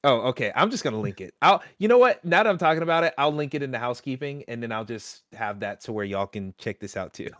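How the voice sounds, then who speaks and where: A man hosting a casual gaming podcast, talking excitedly and often breaking into laughter. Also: mid-range voice, fast, few pauses, no room sound, studio quality. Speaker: podcast host. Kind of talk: casual chat.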